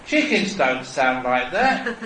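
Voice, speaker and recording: A man's voice: mid-range voice, very animated, slow pace, bright, forceful tone, slight background noise, heavily acted. A man playing a stubborn husband who argues emphatically. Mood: arguing. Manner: emphatic, arguing. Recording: very echoey hall, mic far off.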